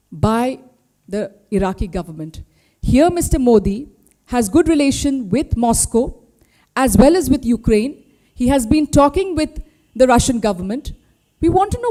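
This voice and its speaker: A woman's voice: fairly high pitch, warm tone. A middle-aged woman with an Indian accent, speaking at a press conference as a party spokesperson, indignant and full of rhetorical questions.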